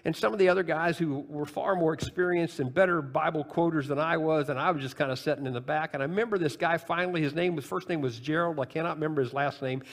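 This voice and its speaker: A man in his sixties preaching a sermon, talking with the congregation in a conversational way and swinging between loud, high emphasis and quiet, low asides. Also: quick pace, few pauses, in a large hall. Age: 60s. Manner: conversational preaching with wide swings in pitch and loudness. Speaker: pastor.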